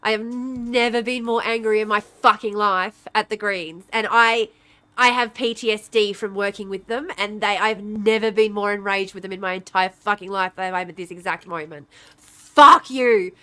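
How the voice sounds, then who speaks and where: A woman streaming live, shaking with anger, swearing and swinging between loud outbursts and quiet muttering. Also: mid-range voice, fairly even intonation, moderate pace. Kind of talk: angry livestream rant.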